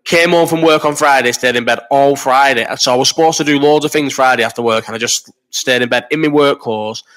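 Bright-voiced sweary man, sick. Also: medium pitch, a little fast. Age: 30s. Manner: sweary, rambling banter. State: sick with a cough. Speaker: live chat host. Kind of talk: casual live-stream chat reading comments. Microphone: desk microphone.

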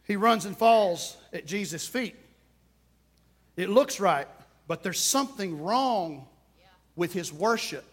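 A man's voice: high-pitched, animated, slow, pauses often. A man preaching a sermon, emphatic and repetitive, with touches of humor.

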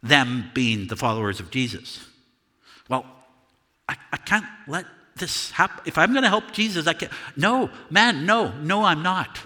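A man performing a first-person monologue as the Apostle Peter, earnest and confessional, halting over repeated words. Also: medium pitch, lively intonation, bright, forceful tone, big-room sound. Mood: tense. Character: Apostle Peter, a remorseful fisherman recounting his denial. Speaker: dramatic monologue performer at a church service. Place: church sanctuary.

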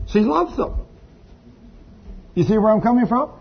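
A man's voice: high-pitched, expressive, measured pace, creaky, slight background noise. A man preaching a sermon, folksy and storytelling, with asides to the congregation. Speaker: pastor. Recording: dull lo-fi sound with faint ambience.

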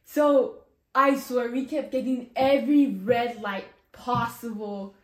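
A woman's voice: on the high side, fairly even intonation, slow, echoey room. A young woman casually sharing an emotional personal testimony, full of "like" and "you know". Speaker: guest sharing her testimony.

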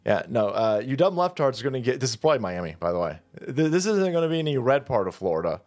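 A man's voice: medium pitch, very animated, quick pace, darkish tone. Profane, mocking man ranting. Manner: crude, mocking, swaggering, switches into sneering mock voices. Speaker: political commentary host.

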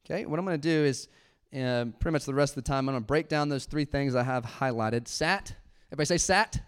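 A young adult man preaching a sermon to a congregation in a church, casual and playful, laughing often and dropping to a hushed voice when he shows how to pray. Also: mid-range voice, fast, smooth. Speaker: pastor. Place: church sanctuary before a congregation.

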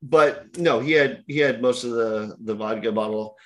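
A man, a tattoo artist guest on a podcast, telling an animated story in casual chat with lots of fillers. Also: mid-range voice, moderate pace.

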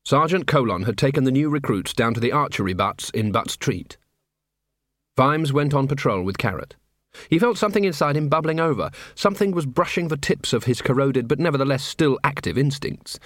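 Male audiobook narrator, wry, animated pitch, dry close studio sound. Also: brisk, no room sound. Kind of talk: audiobook reading.

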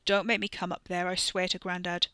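A woman's voice: fairly low pitch, level tone, fairly quick, pushed and bright, smooth, no room sound. A woman voicing a grumpy young man with a sore stomach, grumbling irritably and swearing.

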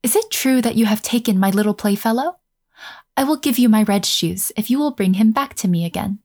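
A woman's voice: a little high, expressive, brisk, darkish tone. A woman reading a fairy tale aloud and voicing an earnest little girl in a plain, slightly raised voice.

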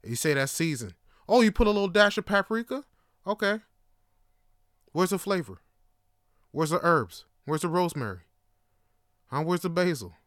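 A man hosting his show, telling a story casually, full of swearing and sudden excited jumps up in pitch. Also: no room sound, studio quality. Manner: animated, profane, voice jumps high when excited. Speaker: podcast host.

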